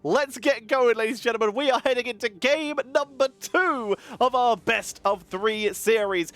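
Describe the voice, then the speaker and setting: A man casting a live esports match, energetic and chatty, wired on caffeine and thanking subscribers between calls of the play. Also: high-pitched. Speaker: esports caster.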